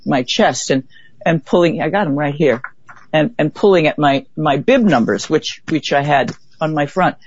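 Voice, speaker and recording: A woman being interviewed, telling a vivid story in a lively way and acting out what others said. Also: deep voice, husky, no room sound. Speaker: interview guest. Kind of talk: conversational storytelling. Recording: dull, dry lo-fi recording.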